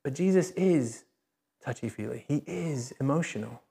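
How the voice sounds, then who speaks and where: A man preaching a sermon as a pastor, speaking conversationally and emphatically, with repeated phrases and animated rises. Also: mid-range voice, moderate pace, vocal fry. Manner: animated, rises sharply when excited. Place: church.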